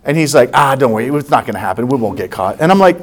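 A man in his forties from the United States, a pastor telling a personal story in a sermon, animated and acting out the dialogue. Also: medium pitch, fast talker.

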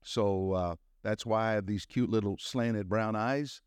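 A man's voice: on the low side, fairly even intonation, unhurried, smooth, no echo, clean studio sound. A man in his sixties with a Southern US accent, preaching a conference sermon in a folksy, joking way that builds to rousing calls for an amen. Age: 60s. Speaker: pastor.

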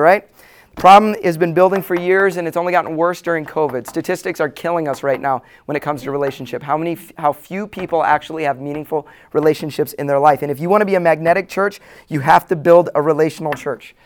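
A pastor addresses church leaders in a room, his voice clear and a touch higher than most men's. He talks in an earnest, plain way and repeats his main points for weight. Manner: earnest, plain-spoken, repeats key lines for emphasis. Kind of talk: conference talk to church leaders. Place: room with a live audience.

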